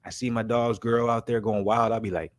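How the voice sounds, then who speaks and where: A young man hosts a basketball commentary livestream in a steady, lowish voice, with no room sound. Laid-back and slangy, he keeps saying "man" and "you know what I'm saying" while talking his chat through made-up scenarios and quoting friends quickly.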